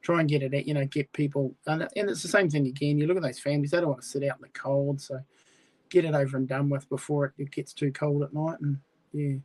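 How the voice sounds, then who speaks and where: A New man talks easily as a guest on a chat show, filling his answers with "yeah" and "you know". His voice sits a little higher than most men's. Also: level tone, fast, a little mellow. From New Zealand. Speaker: speedway club guest. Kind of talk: casual interview answers.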